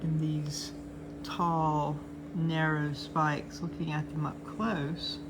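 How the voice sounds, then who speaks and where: A woman's voice: low-pitched, flat delivery, slow, background noise. An older woman hosting a show, chatting casually and cheerfully as she goes over charts. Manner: chatty, cheerful, talks sweetly to her cats. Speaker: host of a chart update show. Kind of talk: casual chat reviewing charts.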